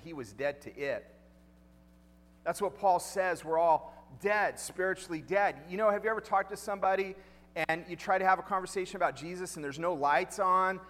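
High-voiced man preaching in a church hall. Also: fairly bright tone. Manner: conversational, asks the crowd questions, repeats lines. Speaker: pastor. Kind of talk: sermon.

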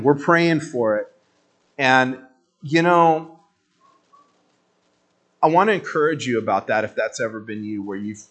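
Man preaching in a casual, animated way. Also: medium pitch. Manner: conversational, animated storytelling with slang. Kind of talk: informal sermon.

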